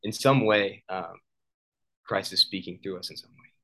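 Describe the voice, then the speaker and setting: A man's voice: sits low, moderate pace, rough recording. A man co-hosting a faith podcast, talking casually with lots of fillers and easy jokes. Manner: warm, joking, filler-heavy talk. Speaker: podcast co-host.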